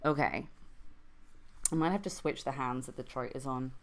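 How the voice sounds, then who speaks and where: A woman's voice: extremely low pitch, normal speed. A young adult woman streaming an improvised interactive story and chatting with viewers, with wry, self-mocking asides.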